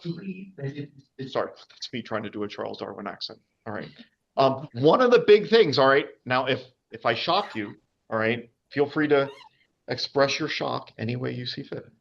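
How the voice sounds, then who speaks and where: Chatty man giving a lecture, lo-fi. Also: medium pitch. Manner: chatty, checks in with the audience using "all right?"; frequent fillers and restarts. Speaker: lecturer and nature guide. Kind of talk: informal public lecture. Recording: dull lo-fi recording.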